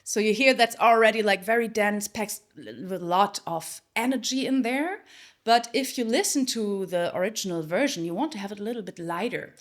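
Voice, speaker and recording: A woman vocal coach teaching a singing lesson. She explains in plain terms and then belts short phrases loud and high. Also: expressive, moderate pace. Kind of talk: singing lesson with sung demonstrations.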